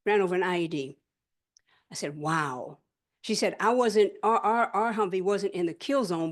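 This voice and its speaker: Earnest middle-aged woman giving a speech. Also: fairly low pitch. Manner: earnest storytelling, repeats key phrases for emphasis; rhetorical questions answered with firm conviction. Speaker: former state senator giving a speech. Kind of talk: impassioned public speech with retold stories.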